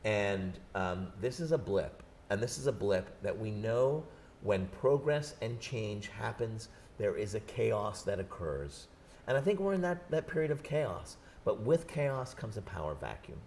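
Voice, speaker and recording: A man in his thirties, a book's author, talking in an animated, jokey way in an interview on a set. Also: lowish voice, slight background noise. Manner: animated, jokey, quick bursts. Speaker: author guest. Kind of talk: conversational interview. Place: studio set.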